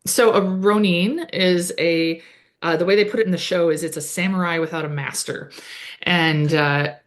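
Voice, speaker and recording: A woman's voice: low voice, fairly bright tone. A woman co-hosting a podcast, recapping an episode in casual chat with lots of "like" and "um". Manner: chatty, many "like" and "um" fillers.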